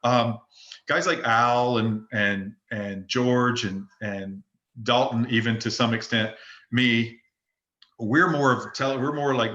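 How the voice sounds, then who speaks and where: A man leads an open forum for real estate agents and coaches them in an emphatic, looping way, with many restarts. His voice is bright and forceful. The recording has a noticeable roomy echo. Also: medium pitch, unhurried, highs cut off. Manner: emphatic, repetitive, frequent restarts.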